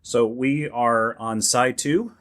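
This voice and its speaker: A man's voice: medium pitch, steady tone, slow pace, fairly bright tone. A man co-hosting a podcast, chatting in an easygoing, agreeable way. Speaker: podcast co-host. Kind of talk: casual chat.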